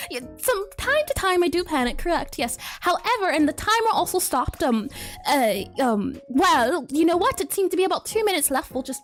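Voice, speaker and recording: A chatty woman streaming her game development, with a very high, lively voice that bounces around. She reads chat aloud, spells out words letter by letter and laughs often. Faint music plays under her talk. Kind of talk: casual live-stream chat.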